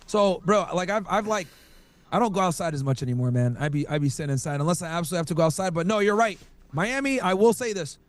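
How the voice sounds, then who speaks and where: A man's voice: sits high, lively intonation, fast talker, dry recording. A man chatting casually as a streamer, telling rambling stories full of crude slang. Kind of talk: casual podcast chat.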